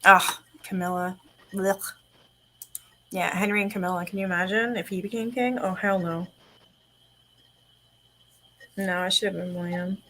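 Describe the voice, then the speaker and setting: A woman's voice: mid-range voice, steady tone, normal speed, pushed and bright, poor audio. A young adult woman hosting a casual livestream chat, talkative, laughing often and swearing casually. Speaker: host.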